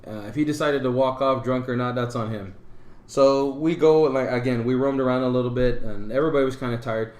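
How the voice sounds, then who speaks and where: Man, casual podcast storyteller, rambling, animated, ordinary pitch, echoey room. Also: a little fast. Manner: rambling, animated retelling with filler words. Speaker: podcast co-host. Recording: roomy echo.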